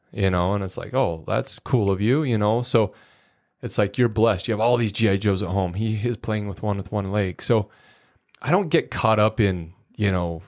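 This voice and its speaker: A middle-aged man, a podcast guest, telling rambling, folksy anecdotes full of quoted dialogue in a casual way. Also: on the low side. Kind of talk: casual storytelling.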